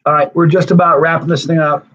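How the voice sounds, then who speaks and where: Tired, husky male streamer with a slightly high voice, rambling warm thanks, muffled lo-fi sound. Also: level tone, fast talker. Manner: effusive, rambling thank-yous to viewers. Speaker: livestream host. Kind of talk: casual livestream chat. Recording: dull lo-fi stream audio.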